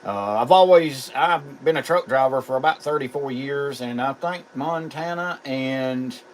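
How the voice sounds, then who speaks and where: A middle-aged man with a Southern drawl chats easily over his ham radio. He talks in a relaxed, chatty way, and a faint hiss of noise sits under his voice. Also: medium pitch. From South Carolina. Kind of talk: casual radio chat.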